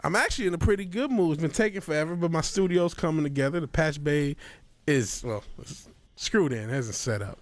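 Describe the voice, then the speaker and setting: A man streaming a video game live, ranting with profanity and swinging between low mutters and sudden angry shouts at the game, from his home studio. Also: lively intonation, a little fast. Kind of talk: live gaming stream commentary.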